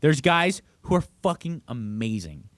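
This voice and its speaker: A man's voice: mid-range voice, sing-song, a little slow, dry recording, clean studio sound. A man co-hosting a podcast, giving opinions and jokes in casual banter. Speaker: podcast co-host.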